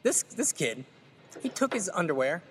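A man's voice: high-pitched, moderate pace, breathy edge. A young man in casual podcast chat, cracking crude jokes and telling stories. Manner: animated, crude joker.

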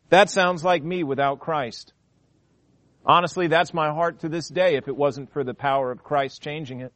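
A pastor preaching a sermon, acting out quoted voices with big swings between loud and soft. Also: male voice, expressive, normal speed, no room sound. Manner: dramatic, acts out quoted voices, wide swings in pitch and volume. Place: church.

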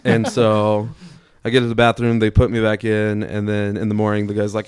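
A young man on a podcast, telling an anecdote in an easygoing, deadpan way. His voice is smooth and resonant, and the sound is close and dry with no room to it. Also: on the low side, a little fast, no room sound. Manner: laid-back, deadpan anecdote telling with chuckles. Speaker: guest. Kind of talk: casual storytelling.

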